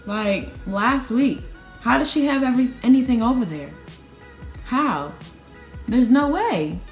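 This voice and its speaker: Young woman, casual storytime vlogger, animated and slangy, acts out quotes; roomy echo. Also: fairly high pitch, a little slow, faint music behind. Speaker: vlogger telling a personal story.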